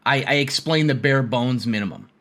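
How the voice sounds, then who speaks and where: A man's voice: medium pitch, normal speed, a bit bright. A man hosting a stock trading stream, ranting bluntly and casually, swearing and repeating his points. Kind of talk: casual rant.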